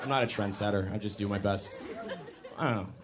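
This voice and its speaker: A young man doing a stand-up comedy set on a club stage, self-mocking and animated, jumping into loud put-on voices. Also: on the low side, a little fast, over a noisy crowd, very noisy.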